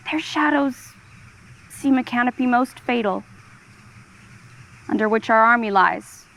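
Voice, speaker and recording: A woman taking the part of a Roman general who speaks of omens before battle, slowly and gravely, in a somewhat high voice. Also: a bit bright. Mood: foreboding. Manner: grave, slow. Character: Cassius, Roman general facing defeat. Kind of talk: Shakespearean monologue.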